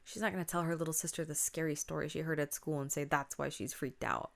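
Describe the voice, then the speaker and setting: Low-voiced woman telling a spooky story. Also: steady tone, quick pace, vocal fry. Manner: chatty, drops to a whisper at tense moments. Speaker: podcast host. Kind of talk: casual spooky story retelling.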